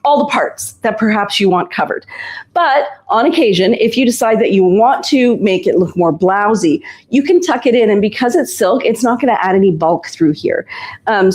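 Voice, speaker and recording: A woman's voice: fairly high pitch, a little mellow. A woman who runs a shop, hosting a casual live stream and explaining ordering and clothes in a chatty, reassuring way.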